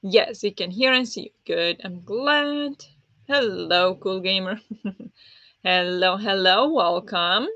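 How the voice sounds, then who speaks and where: A woman's voice: mid-range voice, slow pace, pushed and bright, dry recording. A woman hosting a live book discussion stream, chatting casually and greeting viewers by name with lots of ums. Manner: chatty and friendly, many ums, answers chat by name. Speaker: livestream host of a book readalong. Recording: dull lo-fi mic, dry.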